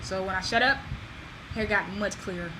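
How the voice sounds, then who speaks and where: A woman vlogger talking casually to the camera, animated and emphatic, with self-deprecating asides. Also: mid-range voice, normal speed, a little hiss or hum, rough recording.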